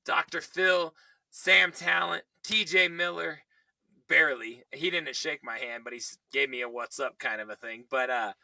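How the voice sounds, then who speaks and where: A young man telling a story in casual podcast chat, animated and swearing, while he is losing his voice. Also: fairly high pitch, normal speed, gravelly, no echo, far from the mic. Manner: animated, swearing, quoting himself. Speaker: podcast co-host.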